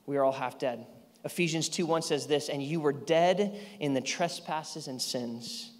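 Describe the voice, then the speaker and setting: A man in his thirties, a pastor preaching a sermon, telling a story with lively energy, sometimes yelling and laughing. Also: a little high, measured pace. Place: large church hall. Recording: church hall reverb.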